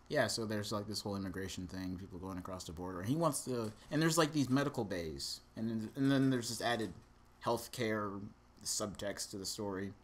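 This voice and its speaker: A man's voice: lowish voice, brisk. A young man co-hosting a casual podcast, rambling and sarcastic as he talks through a movie plot. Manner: rambling, sarcastic, lots of fillers. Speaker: podcast co-host reviewing a movie.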